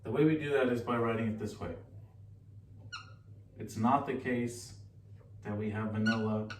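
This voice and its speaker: A man giving a relaxed, chatty recorded lesson, often pausing and correcting himself. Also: lowish voice. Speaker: teacher. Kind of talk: casual recorded lecture. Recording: echoey room, distant mic, faint hiss.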